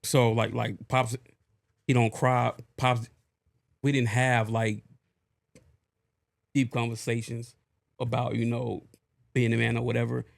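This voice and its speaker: Reflective male co-host, slow and flat delivery with gravel, dry close sound. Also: medium pitch, no room sound. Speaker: podcast co-host. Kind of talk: casual chat.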